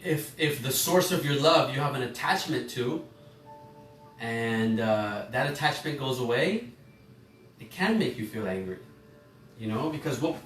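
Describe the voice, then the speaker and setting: A man's voice: mid-range voice, fairly bright tone. A man teaching an online emotional intelligence class, talking informally, rambling and correcting himself as he puts questions to the listeners. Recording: echoey room, a bit far from the mic, faint music.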